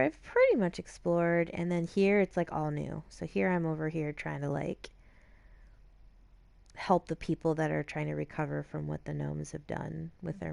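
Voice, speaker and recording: A woman's voice: low voice, creaky. A woman streamer chatting casually as she plays a video game, swearing freely and acting out what characters said. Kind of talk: casual gameplay commentary.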